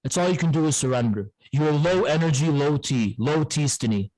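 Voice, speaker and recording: A man's voice: fairly high pitch, animated, moderate pace, darkish tone, poor audio. A man in a heated online debate, aggressive and profane, taunting his opponent over and over. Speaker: debater on a live stream.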